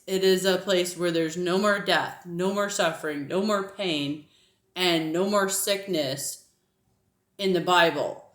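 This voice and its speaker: A woman's voice: on the low side, fairly bright tone, reverberant. A woman with a faint Southern American twang, talking casually about faith, laughing often and using many fillers. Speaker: Christian apologetics video host. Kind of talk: casual teaching monologue.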